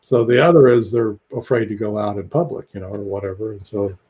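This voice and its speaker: A man's voice: lowish voice, steady tone, brisk, husky, lo-fi sound. An older man telling stories on a video call, rambling along with fillers and chuckles. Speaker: psychologist guest. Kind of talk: casual video call talk.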